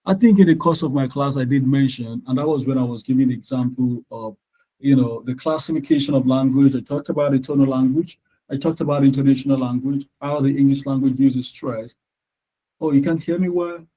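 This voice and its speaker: A male tutor giving a live online lesson, talking students through exam questions at a measured, explanatory pace. His pitch sits in an ordinary middle range, and he stops now and then to check whether the class can hear him through his computer mic. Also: dark tone, poor audio.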